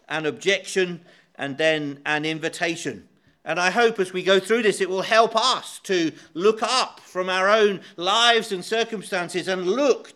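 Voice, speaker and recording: A man preaching a sermon, walking through a Bible passage in a measured, emphatic way, with frequent hesitations. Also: sits high, sharp tone.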